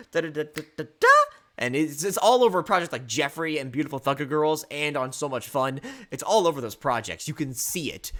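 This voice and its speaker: A man's voice: medium pitch, a bit bright. Rambling man reviewing an album. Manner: rambling, swears, repeats himself. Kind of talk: casual reaction commentary.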